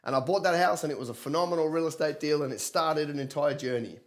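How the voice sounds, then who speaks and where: Man, livestream preacher, energetic, slightly higher voice. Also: fast talker. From London and Australia. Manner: energetic, calls on viewers to respond. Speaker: preacher and business coach. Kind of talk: livestreamed sermon.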